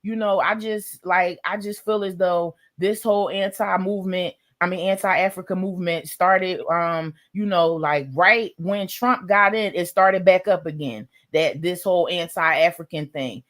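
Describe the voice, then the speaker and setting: A woman, talking bluntly and emphatically in a casual livestream discussion, acting out conversations with animated voices. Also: on the low side, unhurried, few pauses. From United States.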